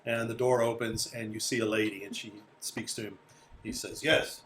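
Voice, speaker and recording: A man running a tabletop game as dungeon master, narrating haltingly with many filler sounds. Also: fairly low pitch, level tone. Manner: halting narration with many uhs, slipping into character voices.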